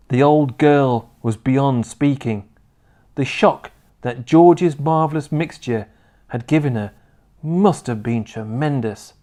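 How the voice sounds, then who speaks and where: A man reading a children's book aloud in an expressive storytelling manner. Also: mid-range voice.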